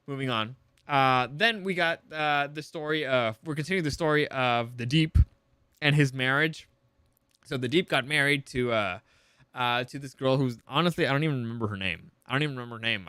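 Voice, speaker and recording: A man's voice: medium pitch, bright, forceful tone, clean tone, dry recording, studio quality. A man casually recapping a TV episode, rambling and profane, full of fillers and restarts. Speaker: TV show reviewer.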